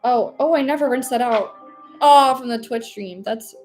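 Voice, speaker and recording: A woman's voice: fairly high pitch, normal speed, darkish tone, faint music behind. An American woman in her late twenties, chatting casually and giggling on a livestream while she paints and answers her chat. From United States. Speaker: streamer.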